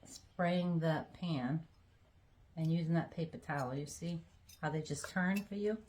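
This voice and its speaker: A woman's voice: low voice, fairly quick, a little mellow, a little hiss or hum. A woman from Georgia, chatting folksily to her viewers in her home kitchen. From Georgia, USA. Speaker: home cooking vlogger. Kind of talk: casual chatty cooking video.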